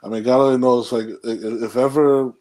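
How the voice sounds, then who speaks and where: A man's voice: mid-range voice, fairly even intonation, a little fast, a little mellow. A man co-hosting a casual podcast chat, rambling and acting out quotes. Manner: rambling, restarts, mock-quotes others. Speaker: co-host.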